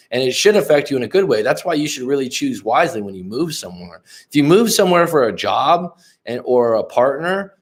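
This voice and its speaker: Man, life coach on a livestream, loose rambling talk, swears a lot, chats with viewers, casual. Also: medium pitch. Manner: rambling, profane, addresses chat viewers directly.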